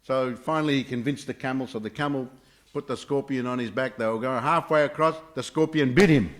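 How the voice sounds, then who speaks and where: A man's voice: mid-range voice, a little fast. A man teaching a scripture class, telling stories with many hesitations and filler sounds. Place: temple class room.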